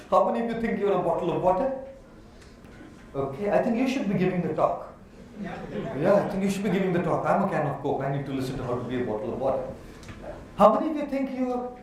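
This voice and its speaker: A man with an Indian accent giving an animated motivational talk to a live audience, asking them questions as he goes. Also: on the high side, a little hiss or hum. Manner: animated, asks the audience questions, uses props. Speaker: motivational speaker. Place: large hall with a live audience. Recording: echoey hall from far off.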